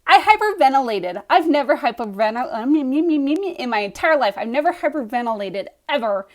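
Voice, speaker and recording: A young woman telling a personal story in a casual, animated way, acting out her own reactions as she goes. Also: high-pitched, a little fast.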